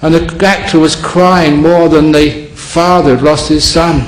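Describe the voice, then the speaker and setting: Wry monk giving a talk in an echoey hall. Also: male voice, on the high side, a little slow, few pauses, slight background noise. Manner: relaxed storytelling, wry humor. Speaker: Buddhist monk teacher. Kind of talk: dharma talk to a live audience. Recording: echoey hall, faint ambience.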